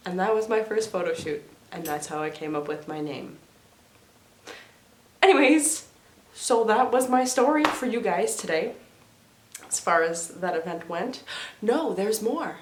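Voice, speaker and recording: A woman's voice: mid-range voice, lively intonation, a little slow, long pauses. A woman vlogger telling a story casually to her viewers, chatty and rambling, with asides and sound effects. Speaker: mermaid performer and vlogger. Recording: roomy echo.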